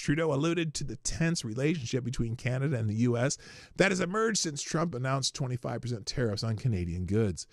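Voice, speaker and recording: Reading news on his livestream, this Minnesota-accented host talks a little fast in a medium pitch with big swings. He's sarcastic, chuckles at his own jokes, and the sound is dry and clean, like a studio.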